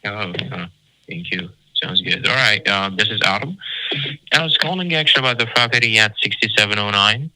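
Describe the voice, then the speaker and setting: A man's voice: lowish voice, fairly quick, pushed and bright, no room sound, rough recording. A man calling into a radio show, polite and businesslike. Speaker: caller. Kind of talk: phone call to a radio show.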